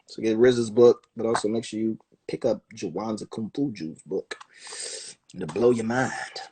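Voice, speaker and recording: A man talking casually on a phone livestream, animated and profane, acting out other people's voices as he goes. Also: fairly low pitch, a little slow, noisy background. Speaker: livestream host.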